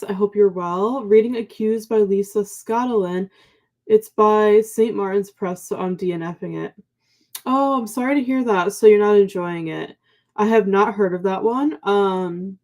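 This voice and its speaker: Young woman host, mellow sleepy morning voice, chatty filler-heavy livestream talk. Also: mid-range voice. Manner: chatty, many ums and likes, warm thanks to viewers. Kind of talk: casual livestream chat reading viewer comments.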